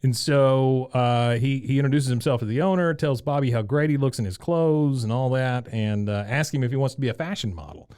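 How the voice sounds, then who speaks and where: A man's voice: medium pitch, fairly quick, few pauses, darkish tone, clean tone, dry recording. Guy on a podcast going over a cartoon episode, laughs constantly, does little voices for quotes, dry sound. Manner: laughs often, acts out quoted lines in raised voices. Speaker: podcast co-host. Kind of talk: casual chat recapping an episode.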